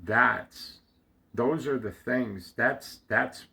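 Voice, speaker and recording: A man slowly telling a heartfelt personal story, halting often with fillers and restarts, close to tears at times. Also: mid-range voice, creaky, pushed and bright. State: getting emotional. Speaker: storyteller sharing a personal memory. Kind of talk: reflective personal monologue.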